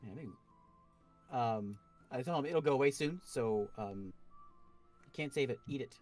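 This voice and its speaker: A man of middling pitch plays a tabletop game over stream. He hesitates often and fills gaps with ums before speaking in character. Faint music plays in the background. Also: expressive, normal speed, a little mellow. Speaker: player. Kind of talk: casual tabletop play on stream.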